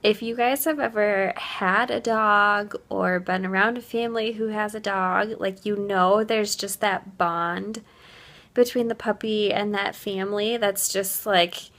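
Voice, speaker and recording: A woman's voice: medium pitch, fairly even intonation, a little slow, fairly bright tone. A young woman talking to her camera in a casual vlog from her kitchen at home. She is gushing and heartfelt and fills her talk with "like.". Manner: gushing, heartfelt, heavy use of "like". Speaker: vlogger.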